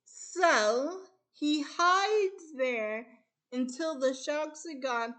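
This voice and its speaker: Her voice is high and a touch bright as she hosts a laid-back chat, walking through a film's story without hurrying. She chains events together with "and then" and keeps returning to restart her thoughts.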